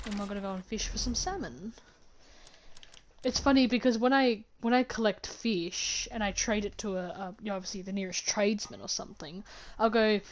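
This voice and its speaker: A woman streamer chatting casually while she plays, giggling and coaxing her catch along. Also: mid-range voice. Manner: chatty, giggly, talks to the game. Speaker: gaming streamer. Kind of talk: casual gameplay commentary. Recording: noisy game audio behind.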